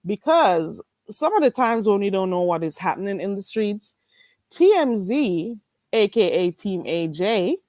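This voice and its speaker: A woman's voice: mid-range voice, dry recording. A woman with a Jamaican accent hosting a casual livestream, reading chat comments aloud and exclaiming. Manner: animated, laughing, exclaiming at chat. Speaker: livestream host.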